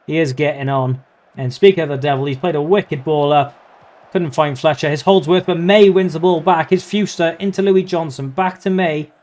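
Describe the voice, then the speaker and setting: Young male gaming commentator, slightly high pitched, excitable, casual swearing. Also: normal speed. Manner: excitable, yelps at near misses, swears casually. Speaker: gaming YouTuber. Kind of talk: live play-by-play commentary over a football management game.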